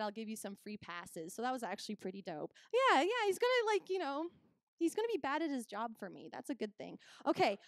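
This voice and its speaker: A high-pitched young woman from Canada does stand-up, animatedly telling stories and performing both sides of every conversation. The recording is studio quality, with no echo.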